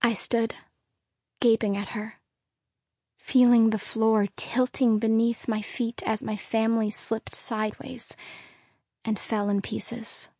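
A woman narrating a children's novel in first person, with steady, measured storytelling. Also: fairly high pitch, no room sound, clean studio sound. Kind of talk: audiobook narration.

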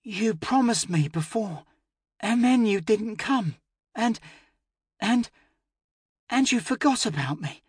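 A man voicing a sleepy, sick little girl in an audiobook, pleading and tearful in a high, breaking child's voice. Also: animated, slow pace, long pauses, breathy edge, no echo, clean studio sound, full character voice. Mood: hurt. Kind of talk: audiobook narration.

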